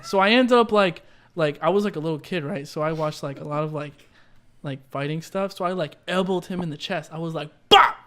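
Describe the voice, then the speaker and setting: Young guy rambling thru a story, kinda high voice, tons of "like" and "right?". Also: brisk. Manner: rambling, lots of "like" and "right?", laughs while telling. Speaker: podcast co-host. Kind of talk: casual chat, storytelling.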